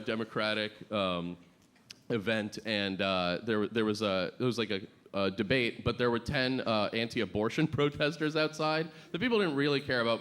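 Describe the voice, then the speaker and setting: A man doing a stand-up set with a halting, deadpan delivery full of fillers and restarts. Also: medium pitch. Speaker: stand-up comedian. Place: comedy club stage before a live audience. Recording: loud crowd laughter and noisy club ambience.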